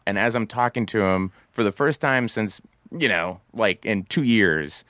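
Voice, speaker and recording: A man's voice: on the low side, unhurried, dry recording. Comedian guy telling stories, voice jumps all over, dry close mic. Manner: animated, doing voices, laughing often. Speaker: comedian and guest storyteller. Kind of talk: casual anecdote-telling chat.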